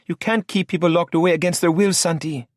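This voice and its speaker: A man's voice: on the high side, steady tone, a little fast, no echo, clean studio sound, pitched above the performer's own voice, lightly acted. A man reading an audiobook, voicing a stubborn young woman who protests and pleads. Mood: defiant. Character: stubborn young woman, recently discharged, defiant.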